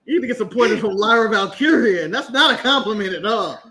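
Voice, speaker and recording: American male co-host, bright tense voice, giggly, stammers on restarts. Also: sits high, lively intonation, fast talker. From United States. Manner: laughs often, restarts with stammered repeats. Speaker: podcast co-host. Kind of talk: casual wrestling chat.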